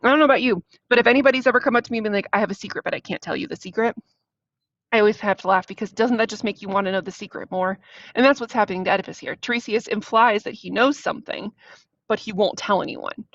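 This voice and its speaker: A woman teacher walks through a play in a relaxed, chatty way, putting the scenes in her own words. Her voice sits at a middle pitch. The recording is dull and dry. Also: fast talker, no room sound. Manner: chatty, explains in loose paraphrase. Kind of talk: casual literature lesson.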